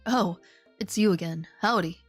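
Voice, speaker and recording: A woman's voice: lowish voice, normal speed, husky, no echo, faint music behind. A woman reading out a boastful Colonel Sanders in a dating game, in her own voice with a self-assured, grandiose manner. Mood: smug. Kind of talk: reading game dialogue aloud.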